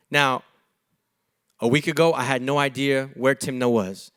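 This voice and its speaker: A young adult male pastor preaches a sermon in church, animated and jokey, acting out quoted dialogue. His voice is a little high, recorded at studio quality with no echo.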